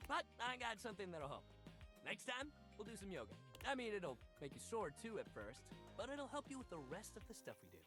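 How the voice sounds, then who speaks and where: A man's voice: high-pitched, wildly swooping pitch, brisk, music in the background. An actor voicing a cheerful, confident male dumbbell fitness coach in a video game, talking in upbeat coaching slang. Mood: encouraging.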